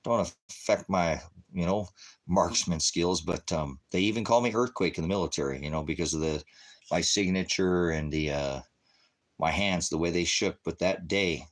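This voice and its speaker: A man's voice: low voice, moderate pace. A middle-aged man preaching an informal, rambling testimony, often calling out to his brothers and sisters. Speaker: independent preacher.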